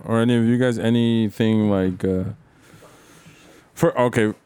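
Low smooth guy hosting, asks stuff kinda hesitant, dry close sound. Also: fairly even intonation, a little slow, warm tone, no room sound. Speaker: host asking questions. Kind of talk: casual interview.

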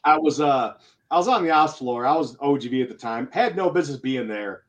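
A man, a retired Air Force NCO, telling old stories to friends in a lively, laughing, swearing way. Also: medium pitch, brisk, a little hiss or hum, rough recording. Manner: animated, laughing, swearing, acting out quotes. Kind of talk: casual storytelling among old friends.

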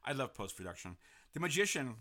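Guy hosting a chat show, bright tone, keeps restarting his sentences. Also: mid-range voice, very animated, quick pace. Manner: rambling, many restarts and fillers. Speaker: podcast host. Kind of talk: casual interview chat.

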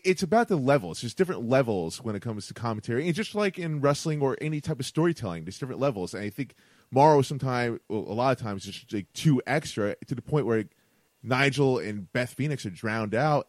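A man's voice: medium pitch, lively intonation, brisk, dry recording. A man co-hosting a casual podcast, often stumbling and repeating words as he thinks aloud. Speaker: podcast co-host. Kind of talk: casual chat.

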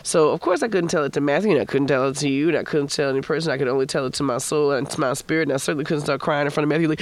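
A man's voice: fairly high pitch, fast talker, few pauses. A man casually telling a candid, profane personal story about grief, acting out the voices of the people in it. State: emotional, recalling grief. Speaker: guest sharing a personal story. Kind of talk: casual conversation.

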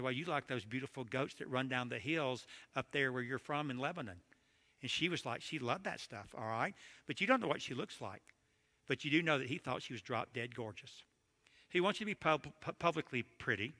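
A middle-aged man preaching a humorous sermon, telling stories with jokes and animated asides in a church or conference hall. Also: mid-range voice. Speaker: marriage conference speaker. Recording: long hall reverb.

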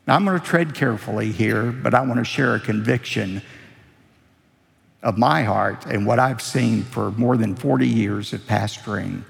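An older male pastor with a deeply gravelly voice delivers a measured, earnest sermon. His words ring out with a long hall reverb. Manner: earnest, measured preaching with acted quotes. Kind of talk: sermon with storytelling.

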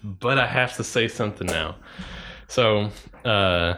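A man co-hosting a casual chat, telling stories with animated quoted asides. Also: lowish voice, slow, slight background noise. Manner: animated storytelling, acts out quotes. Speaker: podcast co-host.

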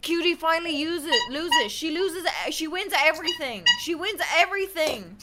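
A woman streamer chatting with friends on stream, teasing and animated, with loud outbursts. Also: very high voice, moderate pace, faint music behind. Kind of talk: casual group chat on stream. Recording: noisy background.

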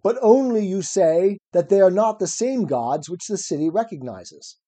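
Taking the part of an elderly male philosopher defending himself in court, a man reads a classic dialogue with ironic, probing cross-examination. He speaks in a high, warm, animated voice at moderate speed.

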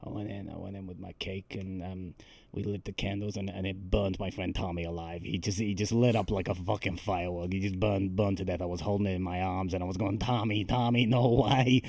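A man co-hosting a podcast, recapping a film in casual chat with deadpan jokes. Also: sits low, a little fast, creaky, dry recording. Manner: joking, deadpan storytelling with swearing. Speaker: podcast co-host.

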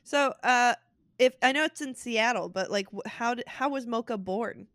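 A woman's voice: fairly high pitch, moderate pace, a bit bright, no room sound, studio quality. A woman co-hosting a podcast in casual chat, asking curious, playful questions. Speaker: podcast co-host.

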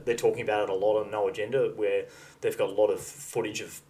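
A man's voice: lowish voice, flat delivery, fast, darkish tone, poor audio. A man co-hosting a casual podcast chat, pushing back with frequent restarts. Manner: argumentative, restarts often. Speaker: podcast co-host.

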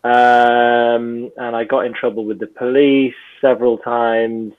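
A man muses aloud as a podcast guest. His voice comes through a narrow, phone-like remote line. He hedges each thought with soft fillers. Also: medium pitch, little pitch movement, slow pace. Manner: thoughtful, hedging with "kind of" and "you know". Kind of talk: reflective conversation.

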